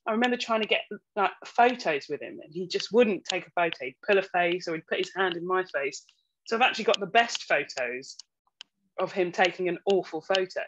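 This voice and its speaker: A woman who works as an actor, a guest on a casual podcast, telling stories in an animated way and laughing often. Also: on the low side, fairly quick. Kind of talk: casual interview chat. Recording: slightly dull, faint noise.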